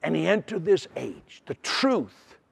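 A man's voice: a little high, sing-song, unhurried, creaky, slightly rough. A man preaching a sermon in an earnest way, often restarting and repeating words.

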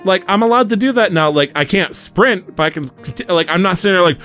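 A man's voice: high voice, lively intonation, fast, a bit bright, faint music behind. A young man hosting a podcast, telling a rambling story in casual chat and swearing freely. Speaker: podcast host.

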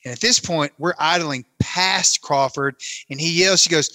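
Bright-voiced man telling a story. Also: on the high side, moderate pace, no room sound. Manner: animated, self-mocking, acts out his own quotes. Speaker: camera operator telling a story. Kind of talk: casual storytelling.

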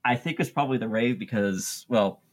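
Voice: medium pitch, fairly quick. A podcast co-host in casual chat who is self-mocking and laughs often. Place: lives in Florida.

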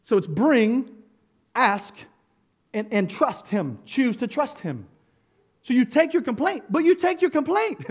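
A man preaching a sermon as pastor, animated, laughing and acting out quotes as he goes. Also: very high voice, unhurried, long pauses.

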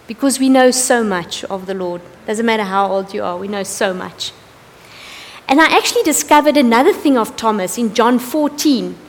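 A woman gives a conversational sermon, candid and full of asides, with a voice pitched a little high. Her words ring out with the long tail of a large hall. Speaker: preacher. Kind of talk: evening sermon.

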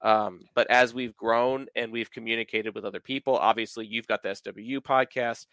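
A man's voice: lowish voice, fairly even intonation, moderate pace, fairly bright tone, no room sound. A man in his thirties from the American South, talking at length as a podcast host, with plenty of filler words. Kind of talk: casual podcast chat.

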